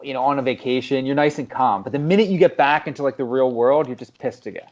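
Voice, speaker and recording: Podcast co-host: male, mid-pitched, expressive, profane storyteller, lo-fi sound. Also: fast talker. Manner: animated storytelling, swears often, acts out people. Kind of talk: casual chat.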